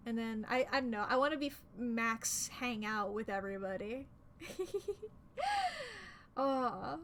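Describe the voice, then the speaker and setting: A woman with a high voice talks through her gaming stream at an easy, unhurried pace. She gets excitable and swears freely as she chats. A faint hiss of noise sits under her voice. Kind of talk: casual gaming commentary.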